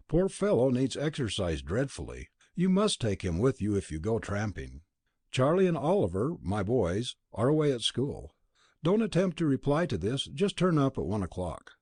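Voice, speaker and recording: A man reading a novel aloud as an audiobook narrator, expressive and dropping low on the speech tags. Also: slightly rough, no room sound, studio quality. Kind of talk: scripted narration.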